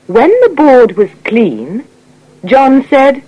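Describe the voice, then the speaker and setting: A woman reading an English coursebook unit aloud in clear, scripted narration. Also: sits high, muffled recording. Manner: clear, measured reading with lively intonation. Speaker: textbook audio reader.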